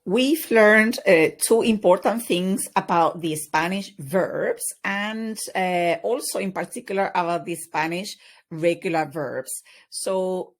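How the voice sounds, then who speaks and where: Woman teaching a relaxed language lesson. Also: on the low side, takes it slowly. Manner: patient, explanatory, many fillers. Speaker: Spanish teacher. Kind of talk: online language lesson with slides.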